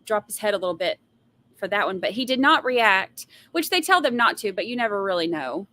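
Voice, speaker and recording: A young woman chatting casually on a live commentary stream, sassy and opinionated. She talks bluntly to her viewers and breaks into exasperated sighs when something annoys her. Her voice sits at an ordinary middle pitch for a woman. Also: big pitch swings, a little fast, pushed and bright. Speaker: trial commentary livestream host.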